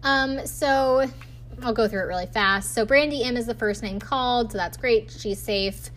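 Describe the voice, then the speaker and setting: A woman's voice: fairly high pitch, moderate pace, fairly bright tone. A woman recapping a reality dating show in a chatty, snarky way, often acting out quotes in funny voices. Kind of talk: casual recap chat.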